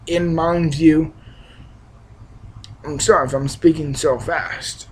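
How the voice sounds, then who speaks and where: Young man, casual film review, rambling restarts, enthusiastic, slightly high voice, faint hiss. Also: unhurried, a little mellow, poor audio. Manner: rambling, frequent restarts and fillers; enthusiastic, emphatic. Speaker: movie reviewer.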